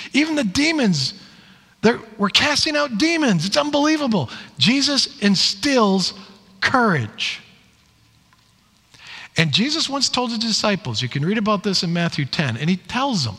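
A male pastor delivers his sermon in a high, lively voice that swoops as he tells the stories and plays each quoted line. His tone rings bright, and the sound carries a long reverb from the church room. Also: slightly rough. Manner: animated storytelling, acts out quoted lines.

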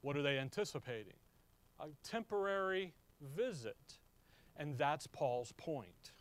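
A man preaching a sermon who keeps asking the congregation questions and answering them himself. He slows down on key words and swings from loud emphatic bursts to quiet low asides. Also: sing-song.

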